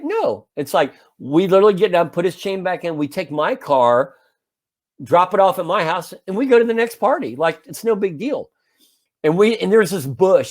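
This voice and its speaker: A man in his fifties casually telling a long anecdote as a podcast co-host, animated and full of restarts. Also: sits high. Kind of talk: casual storytelling chat.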